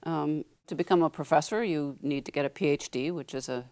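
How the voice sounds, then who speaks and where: Guest spot: middle-aged woman academic, low voice, measured and explanatory. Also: a little mellow. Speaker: linguistics professor guest. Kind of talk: casual interview talk.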